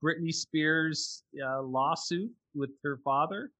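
A man hosting an interview, asking questions quickly with small stumbles and repeats. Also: on the high side, pushed and bright. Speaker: interview host.

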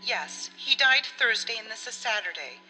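A woman's voice: a little high, expressive, normal speed, bright, forceful tone, pitched above the performer's own voice. A woman voicing a stern, rigid middle-aged woman who talks in a dry, clipped way. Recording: long reverb with faint music.

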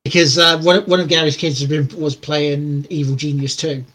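A man's voice: on the high side, flat delivery, normal speed, a bit bright. A man co-hosting a casual gaming podcast, joking and teasing, laughing often. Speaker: podcast co-host. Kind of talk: casual chat.

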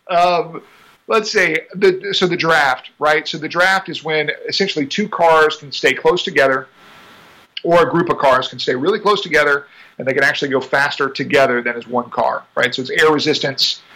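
Chatty man, bright voice. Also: fairly high pitch, moderate pace, rough recording. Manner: chatty, laughs often, animated asides. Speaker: racing driver guest. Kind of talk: casual interview chat.

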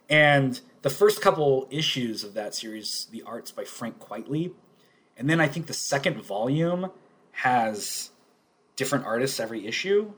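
Animated man chatting on a podcast. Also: mid-range voice, moderate pace, slightly rough. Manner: animated, laughs often. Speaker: podcast co-host. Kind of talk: casual chat.

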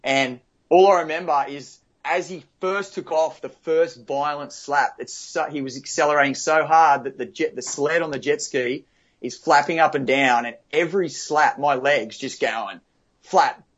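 A man's voice: fairly high pitch, normal speed, a bit bright, dull audio. A man, a guest vividly recounting a surf rescue in casual talk, with many restarts and fillers. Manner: vivid, restarts often, fills with "you know" and "like". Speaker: guest telling a surf story. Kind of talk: casual spoken storytelling.

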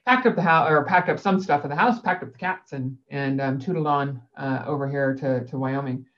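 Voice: mid-range voice, fairly quick, highs cut off. A guest in a casual conversation, telling a work story in a rambling way with many fillers. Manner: rambling, lots of fillers, laughs easily. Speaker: guest, sales director.

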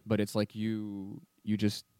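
A man's voice: fairly low pitch, completely flat delivery, unhurried, warm tone, clear, resonant tone, no echo, studio quality. A man in casual chat, rambling and reflective with a playful edge.

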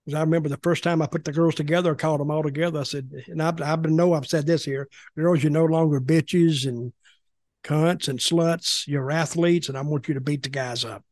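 A man's voice: a little high, fairly even intonation, a little fast, a little mellow, no echo, studio quality. An older man telling blunt, rambling stories in casual podcast chat, often repeating himself. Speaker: podcast guest, former wrestling executive.

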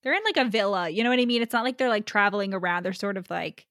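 A young woman, co-hosting a podcast in relaxed chat, full of "like" and casual swearing. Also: medium pitch, rapid-fire, no room sound, clean studio sound. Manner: laid-back, sprinkled with "like" and swearing. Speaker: podcast co-host. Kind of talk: casual book-recap chat.

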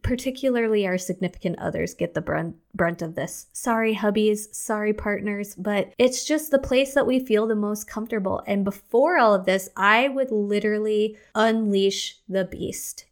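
Young female podcast host, candid, conversational, talks straight to the listener. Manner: candid, chatty, acts out her own outbursts in a higher voice. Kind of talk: casual solo podcast talk.

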